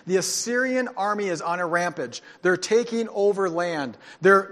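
Male pastor, sermon, dramatic storytelling, fairly high voice, long hall reverb. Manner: dramatic storytelling, swings from hushed to loud.

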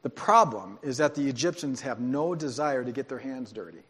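A man's voice: medium pitch, expressive, moderate pace, husky. Man preaching in a reverberant hall. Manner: dramatic storytelling, swings from hushed to loud. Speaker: pastor. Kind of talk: sermon.

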